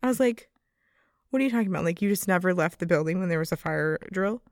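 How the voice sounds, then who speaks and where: Giggly woman with a gravelly voice. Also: on the low side, expressive, quick pace, no echo, studio quality. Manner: giggly storyteller, laughs often. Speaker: podcast co-host. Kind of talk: casual chat.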